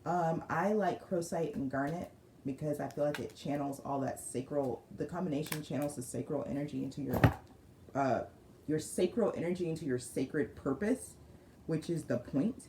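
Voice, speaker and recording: Low mellow lady doing a chatty crystal reading, goes off on tangents, faint hiss behind. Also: moderate pace. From United States. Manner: chatty, digressive, reads aloud with emphasis. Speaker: spiritual reader. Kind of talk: casual crystal card reading.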